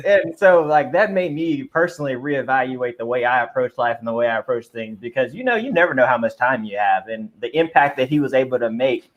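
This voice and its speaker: A man's voice: mid-range voice, expressive, brisk, highs cut off. A man co-hosting a sports podcast, speaking in an earnest, reflective way. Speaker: podcast co-host. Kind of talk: casual sports podcast chat.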